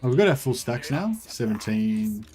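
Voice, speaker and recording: A man livestreams a strategy game and talks in a loose, rambling way. He chats with his viewers as he plays and swears casually. His voice sits at a middle pitch. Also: animated, normal speed, darkish tone. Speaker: game streamer.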